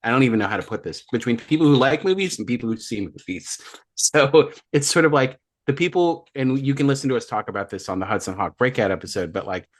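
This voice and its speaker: A man's voice: medium pitch, lively intonation, quick pace. A man co-hosting a movie podcast, chatting casually and rambling through his points. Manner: rambling, many fillers and restarts. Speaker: podcast co-host. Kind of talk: casual chat.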